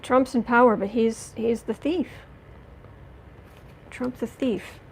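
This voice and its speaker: A woman giving a livestreamed tarot reading, talking indignantly and emphatically with halting restarts as she greets chat. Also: a little high, steady tone, gravelly, slightly rough, low-quality recording. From United States. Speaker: tarot reader.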